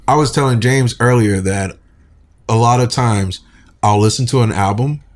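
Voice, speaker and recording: A man's voice: medium pitch, normal speed. A man co-hosting a podcast in a laid-back, casual chat, laughing often. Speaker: English teacher and podcast co-host.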